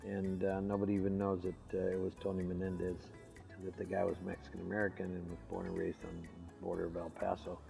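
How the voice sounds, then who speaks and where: A man in a documentary interview speaking hesitantly and pausing on fillers. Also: deep voice, monotone, vocal fry, music in the background.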